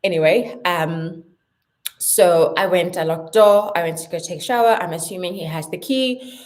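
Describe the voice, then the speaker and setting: Chatty South African woman, low voice. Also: normal speed. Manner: chatty and animated, breaks into playful voices. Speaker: vlogger. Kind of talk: casual chat to camera. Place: her home.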